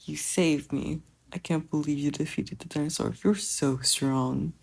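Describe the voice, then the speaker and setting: A fan fiction reader voicing a gentle, doting teenage older brother who talks in a soft, coaxing way. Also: mid-range voice, steady tone, a little slow, creaky, slightly rough. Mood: teasing. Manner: soft, coaxing, tender teasing. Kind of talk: fan fiction audiobook reading.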